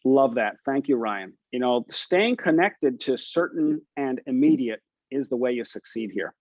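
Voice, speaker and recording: A man's voice: mid-range voice, lively intonation, a little slow, a little mellow, no echo. Encouraging male coach on a group call, medium voice, dull and dry sound. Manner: encouraging, asks the group questions. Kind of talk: coaching session talk.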